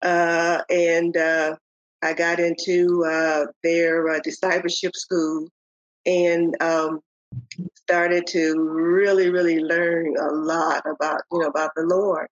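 An older woman, a podcast guest, telling the story of her faith in a halting way, with many pauses and restarts. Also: on the low side, flat delivery, dry recording. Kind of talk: telling a personal faith testimony. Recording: dull, lo-fi audio.

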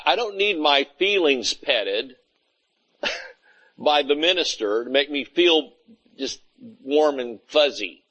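A man's voice: fairly high pitch, sharp tone, poor audio. A man preaching a conversational sermon, often asking "Amen?" and acting out little scenes of everyday talk. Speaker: pastor.

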